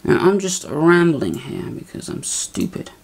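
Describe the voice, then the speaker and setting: A woman's voice: fairly low pitch, very animated, measured pace, gravelly, darkish tone. A woman rambling casually in a vlog while fiddling with her camera and gear, grumbling and mocking herself. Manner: grumbling, self-mocking muttering. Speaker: video maker.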